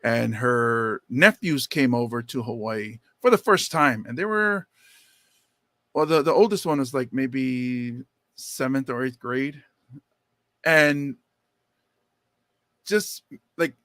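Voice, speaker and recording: A man co-hosting a podcast, telling stories in casual chat and jumping into high quoted voices. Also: slow pace, pauses often, bright, forceful tone, no room sound. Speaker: podcast co-host.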